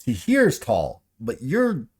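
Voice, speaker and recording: A man's voice: medium pitch, wildly swooping pitch, slow pace, a little mellow, slightly rough. A man narrating a tabletop game as game master, rambling with many fillers and restarts.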